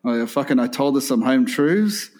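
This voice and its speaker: Aussie bloke, easygoing sports banter, cursing and chuckling, mid-pitched voice. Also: male voice, animated, moderate pace, a little mellow. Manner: laughs often, swears freely.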